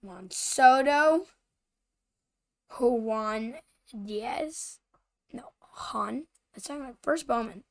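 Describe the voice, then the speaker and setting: A woman hosting a casual card-opening video, halting with many fillers and often apologizing for mispronouncing names. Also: a little high, gravelly. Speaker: channel host showing baseball cards.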